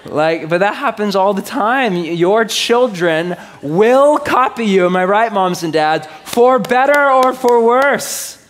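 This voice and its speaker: Joking, conversational pastor, fairly high voice. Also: male voice, expressive, slow pace, hardly any pauses, a bit bright. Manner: conversational, joking, asks the crowd often. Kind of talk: sermon.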